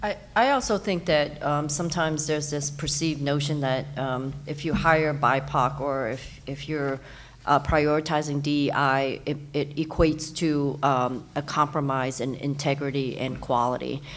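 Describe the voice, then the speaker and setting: A woman panelist speaking in a measured, hesitant way, with many pauses and ums. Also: low-pitched, steady tone, a little hiss or hum. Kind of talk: panel discussion answer.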